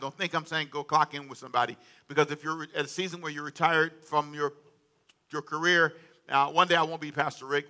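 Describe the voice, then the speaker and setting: Man, pastor, sermon, call-and-response, bright voice, slightly high pitch. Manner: call-and-response preaching, asks congregation to read aloud.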